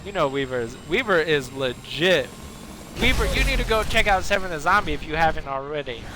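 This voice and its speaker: A man livestreams a video game, chatting casually, rambling, and answering his chat while he plays. His voice is on the high side, expressive and brisk, with a noisy background.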